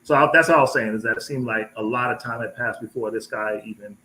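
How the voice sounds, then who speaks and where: A man's voice: medium pitch, fast talker, pushed and bright, a little hiss or hum, low-quality recording. A man co-hosting a live online talk show, rambling casually and restarting his sentences often. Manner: rambling, full of restarts and fillers. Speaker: co-host. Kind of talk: casual live-stream chat.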